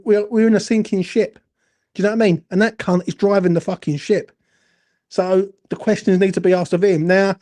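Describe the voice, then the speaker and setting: Angry high-voiced football fan. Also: male voice, dark tone. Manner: angry, emotional, sweary, repetitive. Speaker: fan channel host. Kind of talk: impassioned fan rant.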